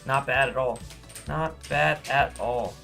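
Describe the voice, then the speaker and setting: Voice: medium pitch, measured pace, creaky, a bit bright, faint music behind. A co-commentator at a live air hockey match, talking casually and rambling, with many fillers.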